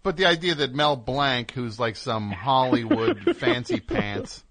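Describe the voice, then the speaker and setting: A man's voice: medium pitch, very animated, unhurried, fairly bright tone. A middle-aged man hosting a comedic call-in radio show, teasing his caller with rambling, joking tangents.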